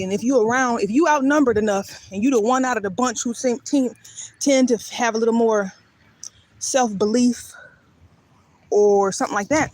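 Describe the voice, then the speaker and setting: The woman's voice is a little high, and there's a slight hiss or hum on the recording. She's a live-stream vlogger walking her dog outside at night, talking into a phone in her hand, rambling and breaking off to call the dog.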